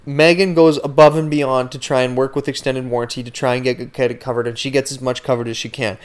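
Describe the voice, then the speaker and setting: A young man with a smooth, resonant voice hosts a podcast and tells a story in a relaxed way. His delivery is animated, with plenty of swearing and "like" fillers. His pitch sits in an ordinary middle range. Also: quick pace. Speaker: podcast host. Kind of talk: casual storytelling chat.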